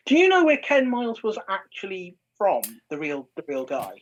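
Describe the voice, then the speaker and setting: A woman's voice: medium pitch, wildly swooping pitch, moderate pace. Chatty woman on dull lo-fi audio. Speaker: film show co-host. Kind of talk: casual chat.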